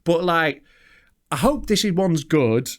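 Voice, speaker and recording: A man's voice: a little high, slow. A man co-hosting a comedy podcast, telling rambling, sweary stories in casual chat. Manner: sweary, rambling, animated storytelling. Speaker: podcast co-host.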